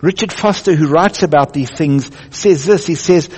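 Guy preaching in a big echoey hall, kinda high husky voice, earnest, hammers points home by repeating. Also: normal speed, few pauses, darkish tone. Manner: earnest, building emphasis with repetition. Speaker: pastor. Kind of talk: sermon.

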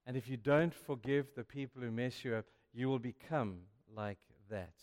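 A man's voice: medium pitch, normal speed, darkish tone. Guy preaching to young people, emphatic, lots of "you know", big echoey hall. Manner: emphatic and chatty, keeps saying "you know". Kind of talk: youth sermon.

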